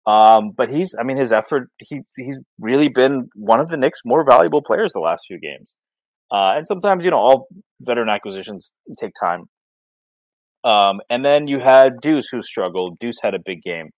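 A man's voice: fairly low pitch, lively intonation, a little fast, no room sound, low-quality recording. A man co-hosting a podcast in casual sports chat, rambling with many fillers and restarts. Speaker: podcast co-host.

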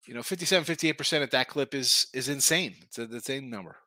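Guy rambling about his picks, bright voice, dry close sound. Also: medium pitch, fast talker, no echo. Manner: rambling, repeats himself, talks in betting numbers. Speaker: sports betting show host. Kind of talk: casual sports betting talk.

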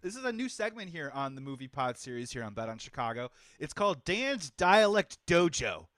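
A man's voice: a little high, very animated, fairly quick, fairly bright tone, no echo, studio quality. A man hosting a casual movie podcast, upbeat and often laughing, stretching words out for emphasis. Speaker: podcast host.

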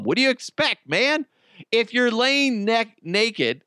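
A man's voice: high voice, sing-song, a little slow, sharp tone, clear, resonant tone, no echo, clean studio sound. A man hosting a comedy podcast, ranting crudely and mocking people while laughing at his own jokes. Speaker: podcast host.

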